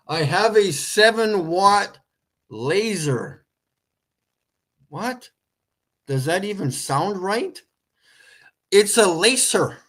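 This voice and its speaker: A man chats casually on his own livestream. He talks slowly and unhurriedly in a slightly high voice. He rambles from joke to joke and laughs at his own points. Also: a bit bright. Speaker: livestream host.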